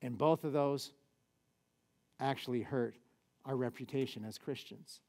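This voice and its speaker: A man, a pastor, preaching a lively sermon in a church with casual, conversational asides. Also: mid-range voice, measured pace.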